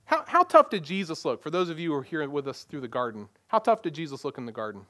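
Pastor, male, higher-pitched voice, conversational sermon delivery full of rhetorical questions. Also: big pitch swings, fast talker, sharp tone. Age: adult parent.

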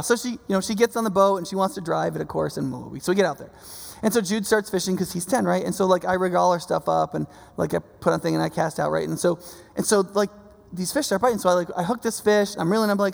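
A man of middling pitch with a gravelly edge to his voice gives a chatty sermon. He keeps tossing quick questions at his listeners. His voice rings out with a long reverb, as in a big hall. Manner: conversational, keeps checking in with listeners. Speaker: pastor.

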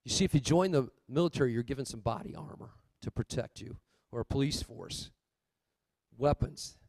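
A male pastor preaching a sermon, swinging between loud exhortation and quiet asides. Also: medium pitch, normal speed, vocal fry, no echo.

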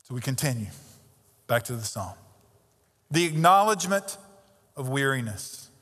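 A man's voice: mid-range voice, big pitch swings, normal speed, sharp tone, husky. A man preaching a sermon as pastor, emphatic and conversational, with pointed rhetorical questions. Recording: long reverb of a large hall.

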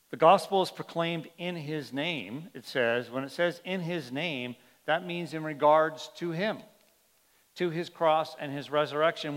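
A pastor with a slightly high, somewhat bright voice preaches a sermon, earnest and emphatic. He often lets his voice drop at the end of a point, and the recording carries long hall reverb.

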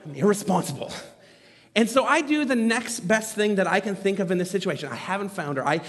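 Guy in his 30s preaching, high voice, jokey self-mocking storytelling, big echoey church hall. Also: brisk. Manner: animated, self-mocking humor. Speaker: pastor. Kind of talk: storytelling sermon. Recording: long reverb from a large hall.

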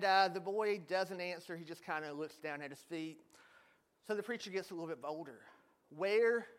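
High-voiced male pastor, casual storytelling sermon delivery. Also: fairly bright tone. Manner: storytelling, joking with the congregation.

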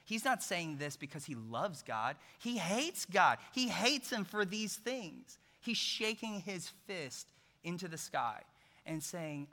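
With a long hall reverb echoing after every phrase, a preacher tells a story in his sermon, animated and sprinkled with jokes. His slow voice is forceful and tense, sitting slightly high.

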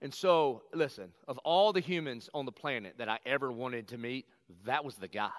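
A middle-aged man, a pastor, telling a personal story in a lively conversational sermon and acting out the quotes. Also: mid-range voice, normal speed, no room sound. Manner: animated, conversational, acts out quotes.

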